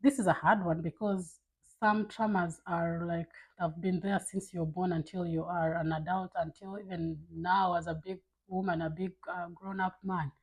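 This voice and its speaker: Woman, husky voice, candid casual vlog talk, blunt, lots of fillers. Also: on the low side, steady tone, normal speed, poor audio. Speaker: vlogger.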